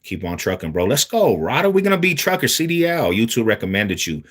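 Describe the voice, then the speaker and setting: A man from Denver on a casual livestream, reading viewer comments aloud and answering them in relaxed, slangy talk. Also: medium pitch, fairly quick, husky. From Denver, Colorado.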